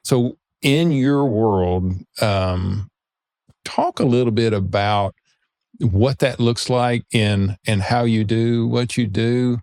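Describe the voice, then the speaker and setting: A man hosting a podcast, talking in a casual, halting way with many restarts and easy laughs. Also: medium pitch, darkish tone, dry recording, clean studio sound. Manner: rambling, halting, laughs often. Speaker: podcast host. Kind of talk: casual interview chat.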